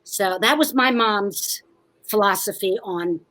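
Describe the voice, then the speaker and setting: A New Jersey comedian and writer, a woman, shares wry family stories as a guest in a casual interview, firing off quick jokes. Her voice sits at medium pitch with a sharp edge, and the recording quality is low.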